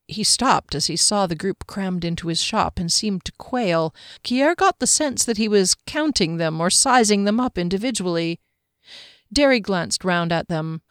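A woman reads a fantasy novel aloud in a steady, measured way. Her voice is mid-pitched for a woman, and the recording is close and dry with no room sound. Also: no room sound. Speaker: audiobook narrator. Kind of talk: scripted narration.

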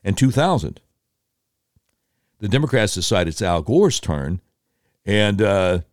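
A man telling political history in an animated way, breaking into quick impressions of voters and politicians. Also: lowish voice, no room sound, studio quality.

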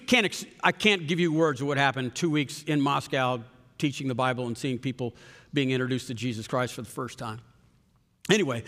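A man preaching a sermon, telling a story with sudden loud rises and soft, hushed passages. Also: on the high side. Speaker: pastor. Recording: long hall reverb.

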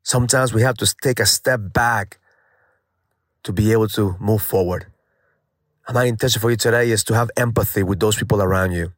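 A man's voice: on the low side, fairly quick, dry recording, clean studio sound. Earnest father telling a motivational story. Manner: earnest, storytelling, repeats phrases for emphasis. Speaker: host of a daily motivational message. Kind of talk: casual spoken reflection.

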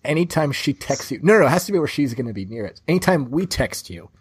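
A man's voice: on the high side, very animated, fast, breathy edge, no room sound. A man hosting a casual podcast, teasing his co-hosts and steering the segments. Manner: teasing, runs the show segments. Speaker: podcast host.

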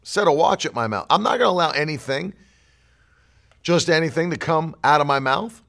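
A man's voice: on the high side, expressive, brisk, vocal fry, a bit bright. A man preaching a sermon as pastor, emphatic and driving his points home with repeated declarations.

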